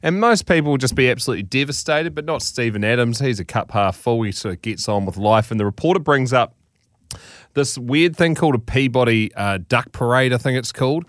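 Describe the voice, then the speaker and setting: Male radio host, low voice, laid-back and chatty, dry studio sound. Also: no room sound. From New Zealand. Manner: relaxed, with frequent ums. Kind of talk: casual radio chat.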